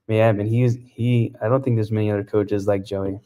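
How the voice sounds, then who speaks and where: Flat-voiced man, casual podcast guest. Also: on the low side. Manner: relaxed, halting with many fillers. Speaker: CrossFit athlete, podcast guest. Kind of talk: casual interview chat.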